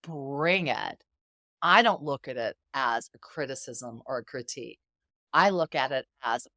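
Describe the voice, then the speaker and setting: A woman's voice: very deep voice, a little slow, no echo, clean studio sound. A middle-aged woman, a guest in an interview, telling stories with emphasis and acting out the quoted dialogue. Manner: animated, emphatic storyteller who acts out quoted dialogue. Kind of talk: conversational interview.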